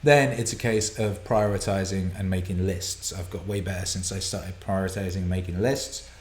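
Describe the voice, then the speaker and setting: A man hosting a live viewer Q&A broadcast from a home studio, excitable and profane, laughing and rambling as he reads out questions. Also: low voice, normal speed, echoey room, a little hiss or hum. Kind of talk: casual live-stream chat, reading viewer questions.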